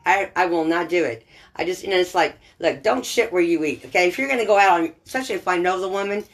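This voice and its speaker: A woman's voice: fairly low pitch, expressive, fast talker. A middle-aged woman, a bartender, chatting casually and telling blunt, profane stories. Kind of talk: casual chat.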